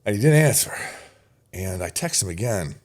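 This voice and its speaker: A middle-aged man with a notably deep, low voice shares a personal story as a podcast guest. He speaks earnestly and emotionally, now and then swearing. In the heaviest moments his voice sinks almost to a whisper. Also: animated, moderate pace, a little mellow.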